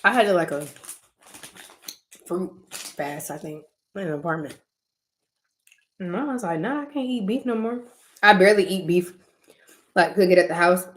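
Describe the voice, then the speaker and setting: A woman hosting her channel, chatting casually with viewers about spiritual matters. She tells stories in an animated way and acts out her own reactions. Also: lowish voice, normal speed, long pauses. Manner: uses casual slang, talks directly to listeners. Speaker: channel host talking to viewers.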